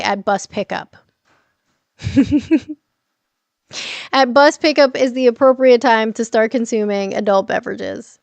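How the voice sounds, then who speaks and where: Chatty middle-aged woman, creaky voice. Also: fairly high pitch, no echo. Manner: chatty, swears freely, laughs often, answers viewer comments. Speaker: livestream host. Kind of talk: casual livestream chat.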